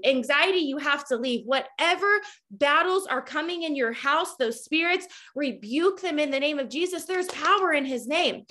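A woman in her thirties giving a fervent, preachy faith talk to her followers, at times nearly yelling. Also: sits high. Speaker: Christian speaker. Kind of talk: impassioned faith talk to a social media audience.

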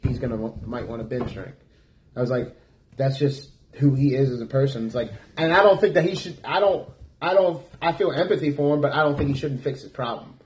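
A man's voice: mid-range voice, a little fast, a little mellow, slight background noise, low-quality recording. A man in casual conversation, blunt and profane, repeating his points for emphasis. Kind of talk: casual chat.

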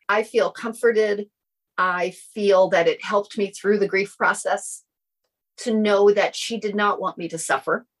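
A woman's voice: lowish voice, slightly rough, rough recording. A middle-aged woman telling a personal story in a casual interview, acting out the lines of the people in it. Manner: animated, acts out quoted dialogue. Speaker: guest sharing a personal story.

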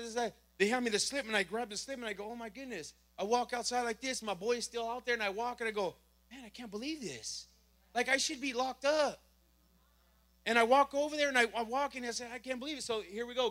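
A man giving a church testimony, telling his story with lively acted-out dialogue. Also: high voice. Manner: animated storytelling, acting out dialogue. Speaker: testimony speaker.

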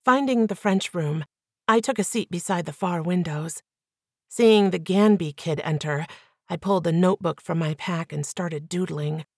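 A woman reading a first-person novel aloud as an audiobook narrator with clear, even storytelling. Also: lowish voice, no room sound, studio quality.

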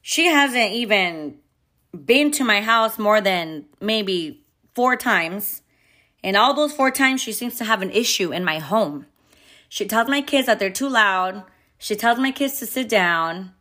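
A young woman and mother telling a personal story in a candid, expressive way, swearing freely. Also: mid-range voice, measured pace. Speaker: vlogger and mother. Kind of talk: casual storytime.

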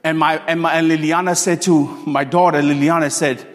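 Male preacher, high voice, animated storytelling sermon, long hall reverb, soft music underneath. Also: a little fast.

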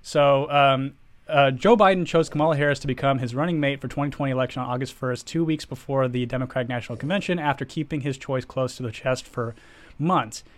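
A man's voice: medium pitch, fast. A man co-hosting a casual podcast, ranting heatedly about politics with profanity and frequent restarts. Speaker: podcast co-host.

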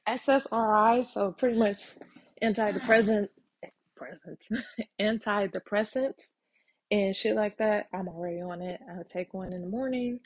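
A woman's voice: mid-range voice, measured pace, husky, no echo. A woman hosting a casual solo podcast, talking frankly with lots of ums and casual swearing. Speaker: podcast host.

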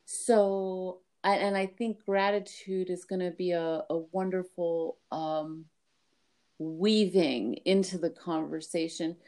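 A woman co-hosting a casual podcast conversation, earnest and quick to laugh. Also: lowish voice, a little mellow. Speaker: podcast co-host.

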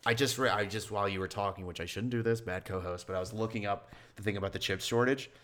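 A man co-hosts a podcast in easygoing chat. His voice sits on the low side, and he rambles, hedging and stacking up filler words as he thinks aloud. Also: steady tone, fast, a bit bright. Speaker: podcast co-host. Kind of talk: casual chat.

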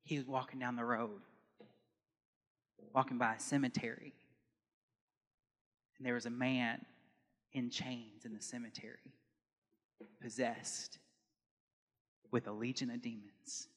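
A man preaching a sermon to a congregation in a church, moving from calm teaching to loud, impassioned preaching. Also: medium pitch, unhurried, long pauses, in a large hall. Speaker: pastor.

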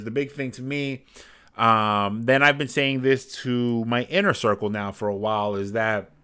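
A man's voice: mid-range voice, fairly bright tone, clean tone. Male sports podcast host, casual and self-deprecating, clean resonant tone. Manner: rambling, self-deprecating, with many fillers.

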